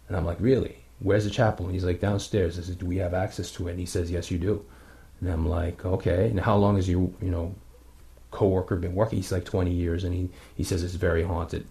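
Low, gravelly male guest; loose, rambling anecdote delivery. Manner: rambling, many fillers, animated retelling. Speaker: guest paranormal investigator. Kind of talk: casual storytelling chat.

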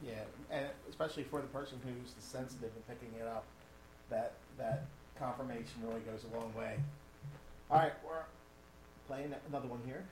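A man's voice: medium pitch, normal speed, a little mellow. Male host, easygoing and chatty, roomy sound with a faint hiss behind. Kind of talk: casual chat. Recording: roomy with faint background noise.

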